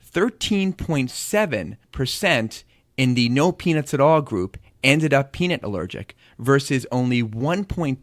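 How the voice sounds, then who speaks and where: A middle-aged American pediatrician co-hosting a casual podcast, he explains research findings step by step and drops in dry jokes. His voice sits at an ordinary middle pitch. It is recorded close and dry, with no room sound. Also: no echo. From United States. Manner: explains study figures at length, dry jokes. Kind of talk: casual chat about medical research.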